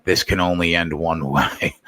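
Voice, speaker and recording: A man's voice: sits low, bright, forceful tone. A man hosting a casual sports betting chat, blunt and swearing casually. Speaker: show host.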